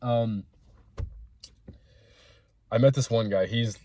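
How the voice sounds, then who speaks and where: A man's voice: mid-range voice, slow pace, warm tone. A young man casually telling rambling, frank stories in a profane, chatty way. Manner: profane, rambling, frank storytelling with acted-out quotes. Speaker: small business owner telling gym stories. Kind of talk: casual storytelling vlog.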